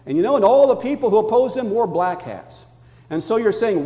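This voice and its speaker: An older man, a pastor, delivering an animated sermon with emphatic storytelling, in a church. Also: sits high, a little fast. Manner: emphatic, animated storytelling, calming to soft reflection. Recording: long hall reverb.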